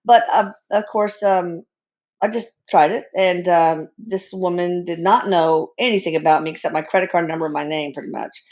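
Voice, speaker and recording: A middle-aged woman tells her story as an interview guest, candid and animated. She speaks frankly and breaks in with blunt humor. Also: on the low side, normal speed. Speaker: guest, bereaved mother and physician.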